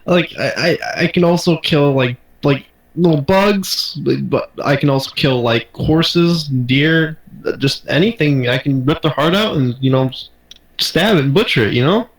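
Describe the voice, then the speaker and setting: Young guy deadpanning a silly pitch, kinda high voice, roomy echo. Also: a little slow. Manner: deadpan, rambling, repeats himself. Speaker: player in an improv party game. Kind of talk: joking improv pitch among friends.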